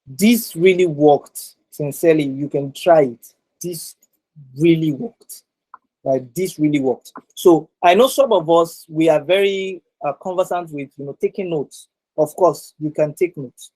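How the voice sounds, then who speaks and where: A man's voice: on the high side, measured pace, dark tone, rough recording. An instructor running a live online exam-prep session, a man speaking over a video call. He circles back to repeat his key points. He keeps checking in with his listeners with "right?".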